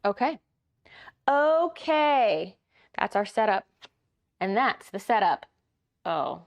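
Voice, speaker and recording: A woman's voice: on the high side, big pitch swings, takes it slowly, pauses often. A woman chatting casually and giggling with her live chat as she plays a board game.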